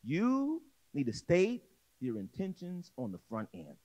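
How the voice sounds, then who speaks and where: This sermon comes from a male pastor speaking unhurriedly, his high, lively voice rising and falling, with the high frequencies cut off in the recording. Casual and conversational, he talks straight to the congregation, voices the story's characters, and frequently repeats or restarts phrases.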